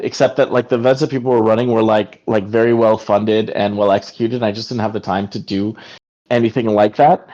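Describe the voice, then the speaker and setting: A man's voice: mid-range voice, mellow. A man hosting a casual work meeting on a video call, talking in a rambling way full of fillers like "like". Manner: rambling, filler-heavy, frequent "like". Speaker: team meeting host. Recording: dull lo-fi call audio.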